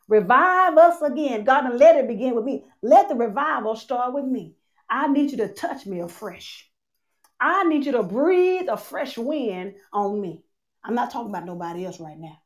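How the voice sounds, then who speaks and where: A woman preaching a sermon, calling out to her church and swinging between loud and soft. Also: fairly high pitch, expressive, normal speed. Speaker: church speaker.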